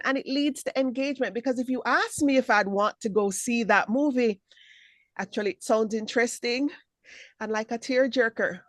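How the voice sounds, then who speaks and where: A woman giving spoken feedback as a speech evaluator on a video call, encouraging and lively, acting out examples as she talks. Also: fairly high pitch, dry recording. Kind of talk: spoken feedback at an online meeting.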